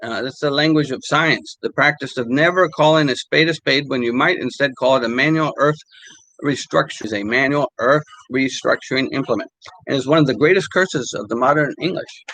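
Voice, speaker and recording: An older man talks in a halting, unhurried way, stopping often with fillers as he reads passages aloud. His voice sits in an ordinary middle register. The recording is dry and close, with little room sound. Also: medium pitch, sharp tone, no echo, poor audio. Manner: halting, many fillers and restarts. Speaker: language teacher. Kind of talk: casual talk reading quotes.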